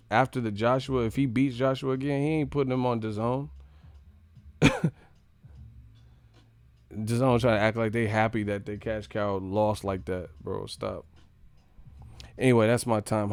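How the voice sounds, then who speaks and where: A young man from the United States, hosting a casual live stream and joking loudly with lots of profanity. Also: fairly low pitch, smooth, no echo. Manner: loud, profane, joking, laughs a lot.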